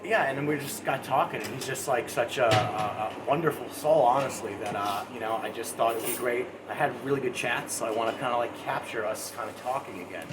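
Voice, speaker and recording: A man's voice: mid-range voice, fairly quick, few pauses. An American man hosting a podcast, talking casually in an earnest, rambling way full of fillers. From United States. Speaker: podcast host. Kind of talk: casual chat. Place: indoor market in a mall. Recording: distant mic, loud market noise.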